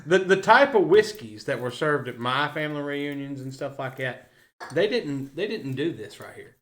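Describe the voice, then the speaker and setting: A man with a Southern drawl trades rowdy jokes and laughs often in a loose, tipsy podcast chat. His voice sits a touch high and bright, and it swings up and down a lot. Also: very animated, moderate pace. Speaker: podcast co-host. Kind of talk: drunken casual chat.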